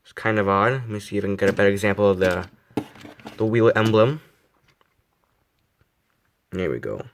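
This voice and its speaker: Teen male hobbyist, low-ish voice, rambling self-deprecating vlog delivery full of fillers. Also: lively intonation, normal speed, slight background noise. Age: teens. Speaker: model car reviewer. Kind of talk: casual review vlog.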